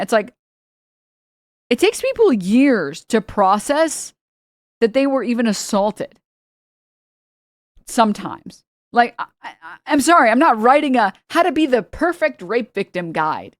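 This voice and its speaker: A woman's voice: fairly high pitch, big pitch swings, a little slow, dry recording, studio quality. Fiery, swearing young woman streamer. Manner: fiery and profane, stumbling restarts. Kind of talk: heated live-stream reaction.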